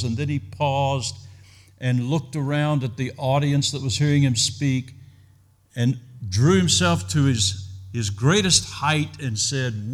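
A man preaching a sermon to his congregation in a measured, earnest way that builds in intensity. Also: medium pitch. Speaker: pastor.

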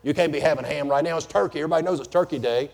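A man's voice: fairly high pitch, very fast, vocal fry, darkish tone, long reverb tail. A man putting on the voice of a fussy churchgoer who indignantly scolds a neighbor. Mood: scolding. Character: fussy churchgoer scolding about holiday ham.

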